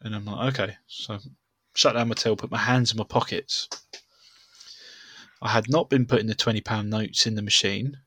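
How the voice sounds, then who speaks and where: A man's voice: on the low side, fairly even intonation, moderate pace, long pauses, sharp tone, no echo. A young man, a podcast co-host, telling swearing, self-mocking stories in casual chat. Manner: swearing storyteller, laughs at himself.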